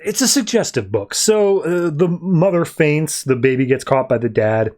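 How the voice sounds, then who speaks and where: Male podcast host, slightly higher voice, rambling casual comic recap. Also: animated, normal speed, darkish tone. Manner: rambling, voices characters loosely in quotes.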